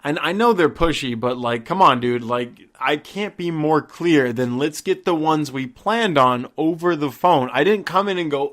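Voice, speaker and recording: A man's voice: on the high side, lively intonation, normal speed, hardly any pauses, fairly bright tone. Exasperated young man ranting, swearing. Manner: profane, exasperated, acts out both sides of the exchange. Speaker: vlogger. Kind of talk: casual ranting storytime.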